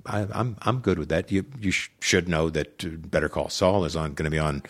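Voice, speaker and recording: A man guesting on a podcast, chatting casually about acting, laughing often and restarting his sentences. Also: very deep voice. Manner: laughs easily, halting self-corrections. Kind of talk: casual conversation.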